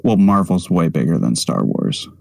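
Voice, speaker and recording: A man co-hosting a podcast, chatting casually with quick, opinionated, joking asides. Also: deep voice, very animated, gravelly, darkish tone, dry recording. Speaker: podcast co-host. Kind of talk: casual chat.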